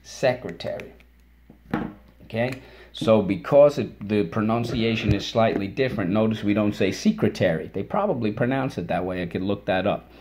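Man, phonics teacher, patient, encouraging, fairly low voice, chants syllables for students to repeat. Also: fairly quick, a little mellow, a little hiss or hum. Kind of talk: phonics and vocabulary lesson.

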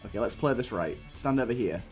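Lively young man playing a game. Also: mid-range voice, fast talker. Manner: rambling storytelling broken by frustrated outbursts at the game. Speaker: gaming channel host. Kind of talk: gaming commentary. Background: faint game music.

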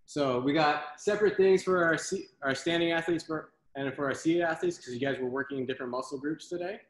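A man leading an online workout class over a video call, giving brisk, encouraging cues and counting down reps. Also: on the high side. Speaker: fitness instructor. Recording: very echoey room, faint noise.

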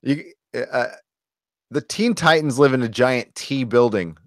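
A man in a casual review chat, talking at a middle pitch and retelling scenes with lots of energy. He slips into quick impressions and fills the gaps with "uh" and "um." The sound is dry and close, with no room around it. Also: no echo. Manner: animated retelling, acts out lines with quick impressions, frequent laughs and fillers. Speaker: podcast co-host.

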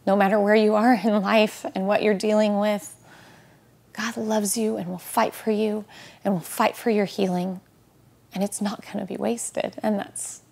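A woman, a guest on an interview, talks in an earnest, heartfelt way about faith and loss, slowing and softening on key words. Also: mid-range voice, vocal fry, breathy edge. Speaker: guest, widow sharing her story.

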